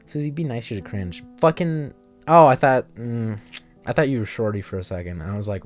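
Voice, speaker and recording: A young man with a medium-pitched voice talks fairly quickly while live-streaming a story game. He chats with his viewers in a casual, joking way and swears freely, with soft music in the background.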